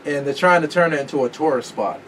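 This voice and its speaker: A man hosting a podcast in loose, casual chat. He swears freely and keeps pausing to hunt for words. His voice sits a little high and sounds set back from the mic, with a faint hiss behind it. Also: fairly bright tone. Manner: rambling, profane, searches for words. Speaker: podcast host. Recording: distant mic with faint room noise.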